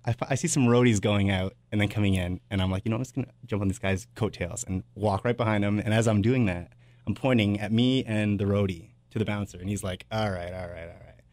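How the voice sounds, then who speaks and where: A man's voice: on the low side, steady tone, fast talker, darkish tone, dry recording. A man in his thirties, a radio host telling casual, rambling stories on air with lots of filler words. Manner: rambling and anecdotal, full of "uh" and "blah, blah".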